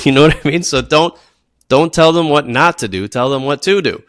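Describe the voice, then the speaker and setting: A man who teaches PE, presenting classroom tips in an animated, emphatic way and often checking in with "okay?". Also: a little high, normal speed, dry recording, clean studio sound. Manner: animated, acts out students and teachers.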